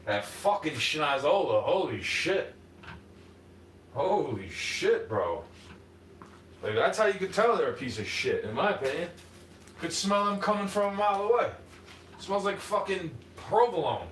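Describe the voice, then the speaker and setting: On a livestream, a man with a New York accent delivers a swearing, combative monologue in a high voice with big pitch swings, taking his time and leaving long pauses. He goes from muttering to shouting, and because he's recorded from a distance, the audio is roomy and off-mic with faint ambience and slight background noise.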